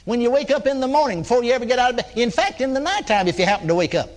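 A male preacher with a high voice that swings widely up and down as he tells stories from the pulpit. He is folksy and plain-spoken, slips into the voices of the people he prays with, and lets a chuckle in between points. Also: expressive, very fast. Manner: folksy, acts out dialogue with congregants. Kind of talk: storytelling sermon.

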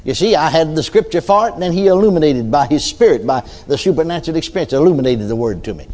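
Older man preaching, folksy storytelling, lively rising and falling voice, fairly high, many amens. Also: fast. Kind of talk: sermon.

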